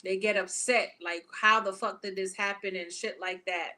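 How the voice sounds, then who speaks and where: A woman reading tarot cards for her viewers in a casual, animated, profane and chatty way. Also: mid-range voice, moderate pace. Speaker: tarot reader.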